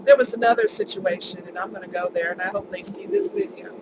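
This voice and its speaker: A woman's voice: on the low side, fairly even intonation, fast, noisy background. A woman vlogger telling a personal story in a chatty, emphatic way, repeating words for stress.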